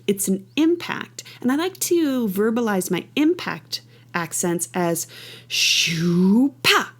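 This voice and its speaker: Woman, middle-aged, dance teacher, slow delivery, gravelly edge, counts beats, playful rhythmic sounds. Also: mid-range voice. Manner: enthusiastic, playful. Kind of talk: guided movement class.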